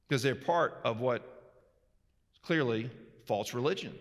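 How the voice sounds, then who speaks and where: A man preaching a sermon, emphatic and earnest, moving between raised exhortation and quiet storytelling. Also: medium pitch, measured pace, long pauses. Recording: long hall reverb.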